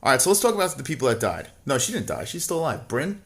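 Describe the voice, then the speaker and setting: A man's voice: mid-range voice, very animated, fast. A man co-hosting a casual livestream, reading chat messages and rambling about a TV show with constant swearing and mocking jokes.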